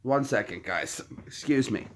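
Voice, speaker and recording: A man hosting a casual live chat, often cooing soft baby talk to his dogs. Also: mid-range voice, very animated, takes it slowly, slight background noise. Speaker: channel host.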